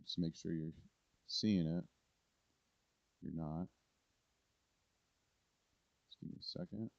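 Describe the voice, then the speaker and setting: A man's voice: deep voice, takes it slowly, creaky, dry recording, lo-fi sound. A man hosting political commentary, rambling and indignant, swearing now and then. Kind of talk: casual ranting commentary.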